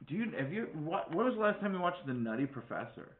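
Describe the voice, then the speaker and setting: A man's voice: a little high, very animated, quick pace. A middle-aged man from Wisconsin telling stories in casual chat, rambling and swearing freely. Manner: profane, rambling storyteller. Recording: echoey room, tinny phone-like sound.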